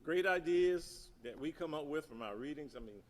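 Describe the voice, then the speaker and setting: A man's voice: fairly high pitch, animated, normal speed. A middle-aged man giving an emphatic teaching talk at a seminary gathering, repeating key points and asking the audience questions. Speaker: speaker at a seminary symposium. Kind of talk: teaching talk on church projects.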